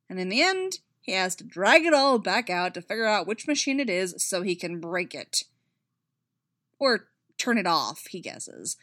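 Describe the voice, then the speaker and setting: A woman reading a story aloud as narrator, wry and expressive. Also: medium pitch, no echo, clean studio sound.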